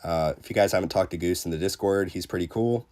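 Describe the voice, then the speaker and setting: A man with a deep, low voice talks casually to his livestream viewers while fighting a cold. He sounds congested and under the weather. His speech rambles along in a relaxed way, full of fillers. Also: quick pace. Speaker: game streamer reading chat.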